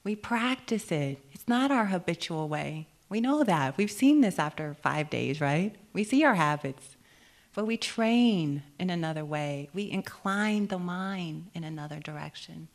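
A woman meditation teacher giving a dharma talk on retreat, gentle and reflective, often asking questions and laughing easily. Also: on the low side, unhurried.

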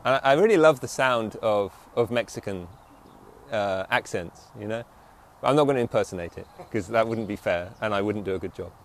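Speaking in a fairly low voice, this man delivers a contemplative dharma talk as a meditation teacher, lingering on important phrases and often pausing to check on his audience. A little hiss or hum sits under the recording.

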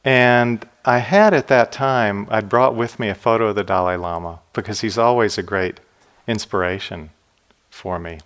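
A man who teaches meditation, giving a dharma talk in an unhurried storytelling way. He speaks gently and reflectively, and the ends of his phrases drop soft and low. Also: clean tone. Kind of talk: dharma talk with personal stories.

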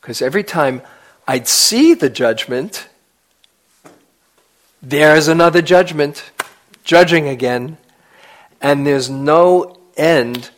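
A man giving a dharma talk as a meditation teacher at a retreat, gentle and unhurried, sometimes dropping to a soft whisper. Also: medium pitch, poor audio.

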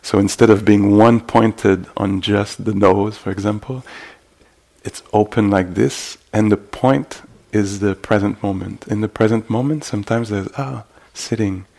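Meditation teacher, male, low and even-toned, gravelly, hesitant delivery. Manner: halting, full of fillers and gentle asides. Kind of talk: dharma talk. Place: meditation retreat hall.

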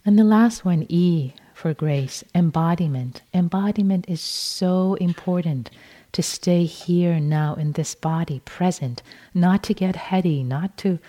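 A woman meditation teacher giving a dharma talk at a retreat, speaking gently and unhurriedly, repeating words softly and often restarting phrases. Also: on the low side, unhurried.

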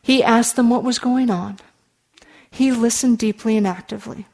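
A woman meditation teacher giving a dharma talk in an earnest, conversational way, with frequent fillers and soft asides. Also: fairly high pitch, steady tone, normal speed, creaky.

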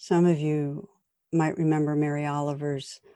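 Woman meditation teacher, low voice, dry close sound, calm reflective talk. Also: normal speed, clean tone, dry recording. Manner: calm, reflective, tells gentle jokes. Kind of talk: dharma talk.

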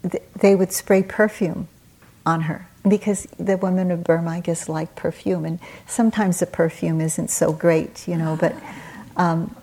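A woman meditation teacher giving a dharma talk at a retreat, telling stories in a gentle, unhurried way with soft pauses. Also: lowish voice, steady tone.

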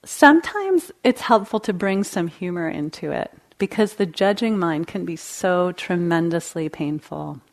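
A woman meditation teacher giving a dharma talk in a gentle, conversational way, laughing lightly now and then. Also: fairly low pitch, expressive, a little slow, hardly any pauses. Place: meditation hall.

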